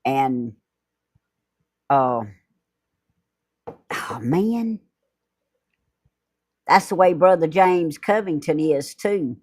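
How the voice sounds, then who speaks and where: Low-voiced woman, chatty. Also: expressive, drawn-out words, long pauses, darkish tone. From Georgia. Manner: chatty, laughs often. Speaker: YouTube host. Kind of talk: casual chat.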